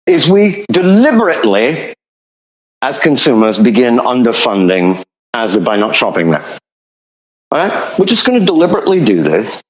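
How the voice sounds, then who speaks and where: Passionate male guest who lectures and repeats himself; animated delivery, dull recording. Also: mid-range voice, echoey room. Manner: emphatic, lecturing, repeats for emphasis. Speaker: economist guest. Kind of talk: passionate podcast explanation. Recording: dull lo-fi audio.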